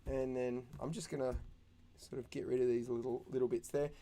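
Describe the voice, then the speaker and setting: A young man teaching animation in a casual, chatty way, thinking out loud and making little sound effects as he works. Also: medium pitch, little pitch movement, fairly quick. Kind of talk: casual screen-recorded tutorial.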